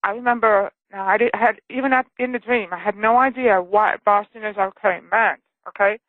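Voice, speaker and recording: A woman author tells her story over the phone in an earnest, involved way. Her pitch sits in the middle, and the line is tinny and dry. She keeps checking in with the listener as she goes. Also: moderate pace, dry recording. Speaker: author and guest. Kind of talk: phone interview, personal story. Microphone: telephone.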